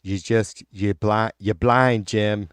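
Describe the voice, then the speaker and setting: A man's voice: on the low side, fairly even intonation, slow pace, clean tone, no echo. A man putting on a thick Boston accent to play a scornful male heckler who jeers condescendingly. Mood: mocking. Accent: put-on Boston.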